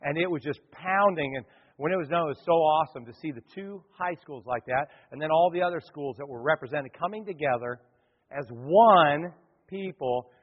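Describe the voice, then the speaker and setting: A man preaching a sermon to a congregation, telling a story with lively acted-out crowd voices. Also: on the high side, normal speed, breathy edge. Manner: animated, acts out crowd voices. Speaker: pastor. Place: church hall. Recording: dull lo-fi hall recording.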